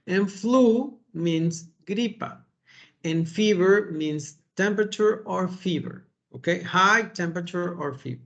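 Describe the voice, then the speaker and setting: Slow, gravelly man teaching English. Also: high-pitched, highs cut off. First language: Spanish. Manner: slow, patient, repeats words and adds "okay?". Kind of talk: kids' vocabulary lesson.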